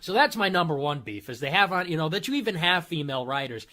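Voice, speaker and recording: Male host, sarcastic rant, high voice for a man. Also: very animated, quick pace, pushed and bright. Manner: sarcastic, ranting. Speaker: show host. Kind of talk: monologue commentary show.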